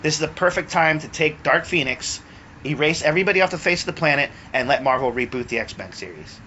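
A man hosting a podcast from home, relaxed and profane as he trades banter. His voice is bright and forceful at an ordinary pitch. The recording is a little dull, with faint hiss behind it. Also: quick pace. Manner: profane, laid-back banter. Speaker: podcast host. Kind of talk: casual podcast chat.

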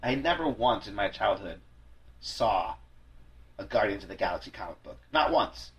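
A man's voice: lowish voice, animated, moderate pace, highs cut off. Rambling, profane man hosting a chat. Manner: rambling, profane, self-deprecating. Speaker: podcast host. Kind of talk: casual chat.

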